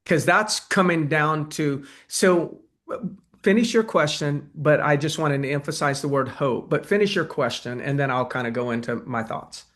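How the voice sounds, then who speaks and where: Animated real estate coach, man. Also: a little high, moderate pace. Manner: animated, conversational, acts out sales calls. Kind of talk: webinar presentation and Q&A.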